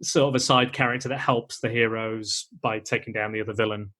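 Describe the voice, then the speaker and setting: A man's voice: on the low side, fairly even intonation, fairly quick, sharp tone. A man hosting a podcast, chatting casually and rambling with many fillers and restarts. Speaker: podcast host. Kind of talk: casual chat.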